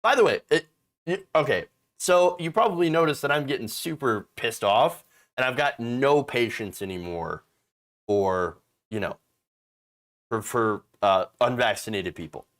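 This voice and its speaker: A man's voice: medium pitch, measured pace, a bit bright. A man hosting a political commentary show, ranting in a profane, exasperated and mocking way.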